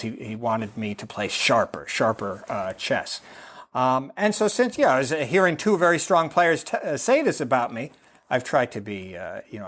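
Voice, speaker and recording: A man's voice: mid-range voice, fairly bright tone. A middle-aged American man talking casually as a podcast guest, rambling with many fillers and frequent laughs. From United States. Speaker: podcast guest, amateur chess player. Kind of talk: casual interview talk.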